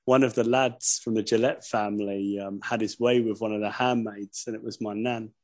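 A man's voice: on the low side, steady tone, normal speed, darkish tone. A man chatting as a podcast guest, rambling through anecdotes with lots of swearing and laughter. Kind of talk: casual chat.

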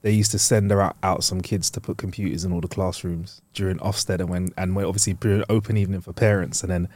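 A man, telling stories in animated slang as a podcast co-host. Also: sits low, fast, slight background noise. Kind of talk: casual chat.

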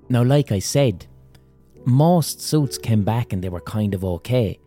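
Man, comic podcast storyteller, low mellow voice, rambling and crude, faint music behind. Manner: rambling, crude, self-amused. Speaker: podcast host.

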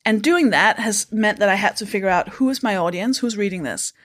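A woman's voice: mid-range voice, brisk, a bit bright. A woman from Denmark, a comedian guest on a podcast, talking frankly and reflectively and swearing casually. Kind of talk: candid podcast conversation.

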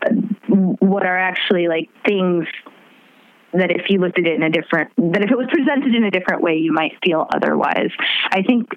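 A woman chatting casually on a podcast, animated and laughing, with her pitch swooping as she talks. The audio is slightly dull and muffled. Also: fairly quick, dry recording. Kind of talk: casual chat.

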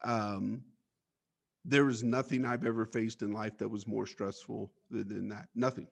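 A man's voice: fairly low pitch, level tone, a little slow, creaky. A man as an interview guest, telling his life story bluntly, with swearing and stammered restarts.

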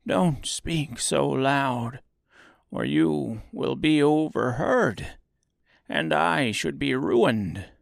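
A man's voice: mid-range voice, animated, extremely slow, gravelly, no room sound, clean studio sound, voice pushed up, exaggerated voice. A man voicing a timid little old man posing as a great wizard, speaking meekly in a trembling voice. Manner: trembling, meek, pleading.

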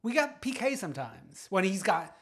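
A man's voice: high-pitched, sing-song, moderate pace, fairly bright tone. A man co-hosting a podcast, chatting casually and gossiping with frequent laughs. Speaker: podcast co-host. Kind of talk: casual chat.

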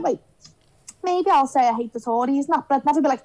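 A young woman from Liverpool with a Scouse accent, chatting on a podcast as a guest and telling lively stories where she acts out what people said. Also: high-pitched, fast talker, rough recording. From Liverpool, England. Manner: animated storyteller, acts out quotes. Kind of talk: casual chat.

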